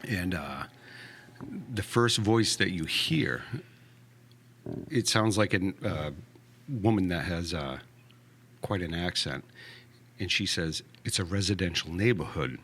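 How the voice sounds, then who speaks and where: Low-voiced guy, ghost hunter guest, calm matter-of-fact storytelling. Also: slow pace, long pauses, breathy edge. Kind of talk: casual podcast storytelling.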